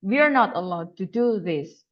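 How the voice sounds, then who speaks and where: A woman's voice: mid-range voice, expressive, normal speed. A young woman gives a methodical lecture as an English teacher, repeating her examples and restarting words often. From Indonesia. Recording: dull lo-fi online lecture audio.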